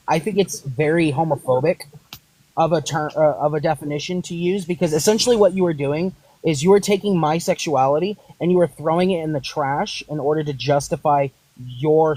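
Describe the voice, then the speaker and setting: A man's voice: on the high side, darkish tone, rough recording. A man hosting a heated online debate, pressing his point with pointed rhetorical questions.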